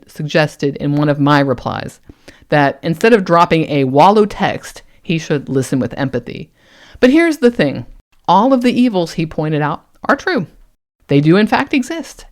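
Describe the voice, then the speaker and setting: A woman from Kentucky, a YouTuber answering a critical comment in a measured, wry and pointed way. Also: low voice. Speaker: atheist YouTuber. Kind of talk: commentary vlog responding to a comment.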